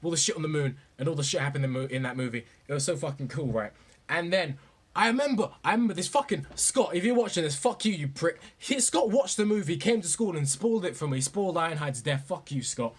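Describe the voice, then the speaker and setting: A young man gushing about movies in a profane, rambling, excited rant. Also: fairly high pitch, fast, husky. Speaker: vlogger.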